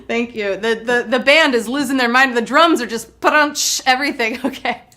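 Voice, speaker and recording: A woman's voice: a little high, pushed and bright. A young woman hosting a live trivia game show, bubbly and full of playful puns. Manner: bubbly, punny, playful banter.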